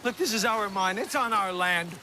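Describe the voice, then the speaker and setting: An actor playing a father and landowner who shouts and pleads forcefully. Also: high-pitched, moderate pace. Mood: angry, commanding. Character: father, landowner, angry then desperate. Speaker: mine owner and father. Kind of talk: film acting. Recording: film audio with clear background noise.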